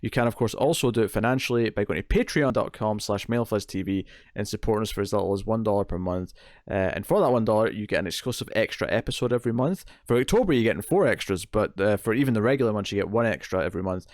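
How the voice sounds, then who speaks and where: A man's voice: fairly low pitch, quick pace, darkish tone, no echo, studio quality. A man hosting a horror movie podcast, chatting casually with a lot of fillers and jokes. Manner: rambling, filler-heavy, jokey. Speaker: podcast host.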